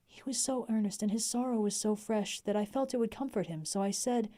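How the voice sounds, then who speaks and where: A young adult woman reading a classic novel aloud on a livestream, with an expressive delivery. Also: mid-range voice, fast talker, hardly any pauses. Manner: expressive reading, laughs in chat breaks.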